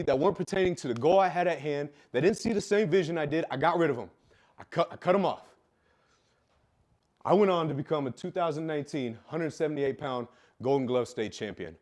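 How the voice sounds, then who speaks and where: Young man, slightly high voice, raw emotional storytelling, swearing, repeats lines for emphasis. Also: a little mellow. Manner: profane, emotional, repetitive emphasis. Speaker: speaker telling his life story.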